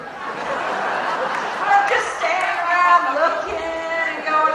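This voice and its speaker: A woman's voice: extremely high pitch, a little slow, heavy background noise. A woman hosting a live stage show, chatting and telling stories to the audience in a self-mocking way, laughing often. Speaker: show host. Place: large theater stage. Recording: echoey live theater recording from far off. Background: crowd.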